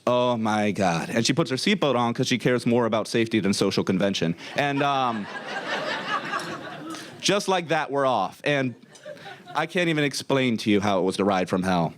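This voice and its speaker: A young man telling a comic story to a live audience in a comedy club, wry and deadpan sarcastic. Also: medium pitch, moderate pace, a little hiss or hum.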